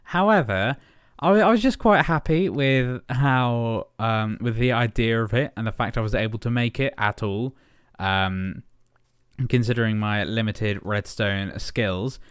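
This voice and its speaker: A man's voice: medium pitch, measured pace, clean tone, dry recording, clean studio sound. A young man casually chatting while building in a game, rambling with many fillers and little chuckles. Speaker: gaming channel host. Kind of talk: casual Minecraft building commentary.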